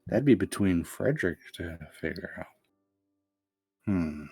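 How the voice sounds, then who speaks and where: A low-pitched man running a tabletop game as its game master, easygoing and quick to laugh. His voice is close and dry on a desk mic, with soft music playing faintly behind. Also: animated, vocal fry, husky, dry recording. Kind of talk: casual tabletop game narration.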